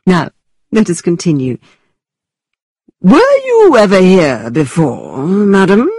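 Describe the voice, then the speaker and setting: Woman doing a witty young gentleman, mock-formal, teasing, storybook, lively pitch, breathy. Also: takes it slowly, no echo, full character voice. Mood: playful, theatrical. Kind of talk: storybook reading.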